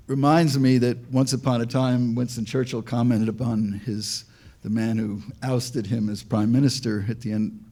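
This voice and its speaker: Older male ex-diplomat on a panel, warm mellow tone, wry storyteller who trips over his own words. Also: medium pitch, little pitch movement, normal speed. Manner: dry joking, tells anecdotes, frequent restarts. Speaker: panel speaker, former diplomat. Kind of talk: public talk at an institute.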